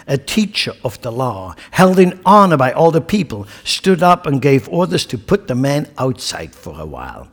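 A man preaching a sermon with impassioned, rhetorical delivery and scornful asides. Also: on the high side. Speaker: pastor. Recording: long hall reverb.

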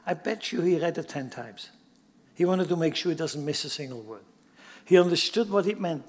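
High-voiced preacher in a reverberant hall. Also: male voice, expressive, moderate pace. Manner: preaching with sudden loud emphasis and drops to near whisper. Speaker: pastor. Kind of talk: sermon.

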